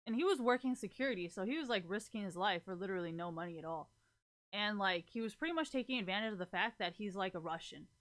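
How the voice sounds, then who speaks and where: A young woman streamer chats with her viewers in a loose, rambling way, packed with fillers, swearing, and frequent laughter. Her medium-pitched voice is expressive, fast, and fairly bright.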